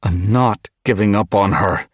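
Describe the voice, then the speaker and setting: A man voicing a worried, stubborn female medicine cat in a storybook reading, raising his voice high and pleading. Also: moderate pace, creaky, a little mellow, slightly rough, no echo, clean studio sound, exaggerated voice. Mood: defiant. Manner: raised pitch for a she-cat, earnest and pleading.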